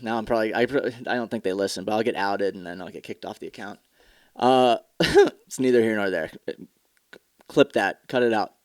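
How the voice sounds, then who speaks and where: A man's voice: on the low side, normal speed, pauses often, no room sound, clean studio sound. A man hosting his own podcast, talking candidly and profanely in a rambling, casual way, with mock commercial voices thrown in. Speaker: podcast host. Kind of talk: casual solo podcast talk.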